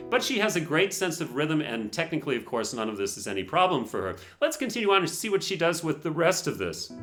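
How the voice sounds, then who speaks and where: A man's voice: a little high, very animated, fast talker, few pauses. A man teaching piano while reacting to a performance, analytical and frankly opinionated, humming melodies to make his points. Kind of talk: explanatory reaction commentary.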